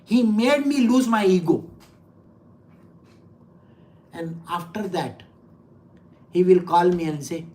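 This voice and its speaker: A woman's voice: fairly low pitch, slow pace, pauses often, darkish tone. Older woman, spiritual teacher, chatty, rhetorical questions, laughs often. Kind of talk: scripture class talk.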